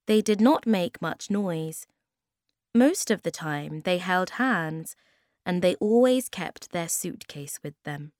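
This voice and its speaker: A woman reading a children's storybook aloud in a slow, clear, expressive way. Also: fairly low pitch, dry recording, clean studio sound.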